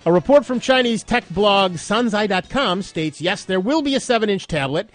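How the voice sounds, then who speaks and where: Male radio tech host, stuffed-up, higher pitch, dry close sound, wry and chatty. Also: lively intonation, moderate pace, dry recording, soft background music. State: stuffed up nose. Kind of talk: radio tech talk and news reading.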